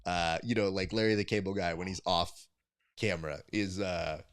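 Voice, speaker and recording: Animated storytelling man hosting. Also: sits low, normal speed, clean tone, no echo, studio quality. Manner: animated storyteller who acts out quotes. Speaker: podcast host. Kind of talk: casual chat.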